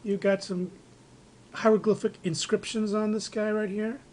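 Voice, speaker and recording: A man's voice: high-pitched, flat delivery, normal speed, darkish tone, a little hiss or hum. Rambling man showing off his collection. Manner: rambling, with many fillers and restarts. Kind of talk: casual show-and-tell narration. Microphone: handheld camera microphone.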